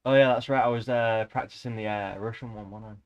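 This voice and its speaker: A man's voice: lowish voice, fairly even intonation, fast talker, smooth, dull audio. A man streaming a casual read-aloud of a novel, breaking off into rambling, joking asides between passages.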